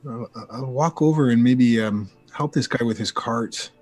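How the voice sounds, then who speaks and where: A man's voice: mid-range voice, moderate pace, darkish tone, faint music behind. A man playing in a tabletop game, thinking aloud hesitantly about his character's moves. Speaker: player. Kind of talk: casual tabletop play.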